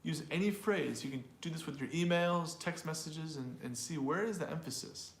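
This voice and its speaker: A man co-hosting an English pronunciation lesson, repeating example phrases slowly and explaining word stress in a relaxed way. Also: a little high. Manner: slow, drawn-out repetition of example phrases. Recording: roomy with faint noise.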